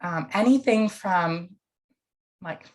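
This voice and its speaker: A woman's voice: lowish voice, slow. A woman counselor educator giving an online lecture in a casual, conversational way, with fillers and asides.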